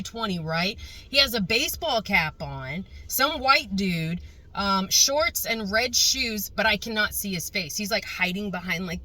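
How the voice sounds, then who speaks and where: Bright-voiced woman ranting through a story. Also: on the high side, low-quality recording. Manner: animated, swears freely, exasperated asides. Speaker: vlogger. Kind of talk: casual storytime rant.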